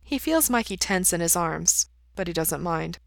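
Calm woman reading a story. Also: on the low side, moderate pace, vocal fry, no echo. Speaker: reader. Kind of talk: storybook narration.

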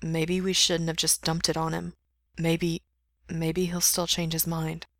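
A gentle young man speaks quietly and slowly, choosing each word with care, as a woman reading a story puts him on. The voice is low with a gravelly edge, and the dry close recording has no room sound. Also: completely flat delivery, no room sound. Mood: tentative. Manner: quiet, slow and careful. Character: soft-spoken young man, gentle and careful.

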